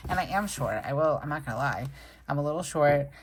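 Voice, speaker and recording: A woman's voice: low-pitched, lively intonation, a little fast, a little hiss or hum. A woman chatting casually to camera while she sets up her weekly planner, rambling and upbeat. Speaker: planner vlogger. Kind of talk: casual plan-with-me chat. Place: home desk. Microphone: camera set low on the desk.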